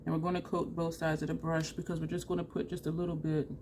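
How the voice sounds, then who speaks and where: Woman makeup vlogger, low-pitched, chatty and self-mocking, faint hiss behind. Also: little pitch movement, fast. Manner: chatty and self-deprecating, laughs often. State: runny nose. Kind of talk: casual makeup tutorial chat.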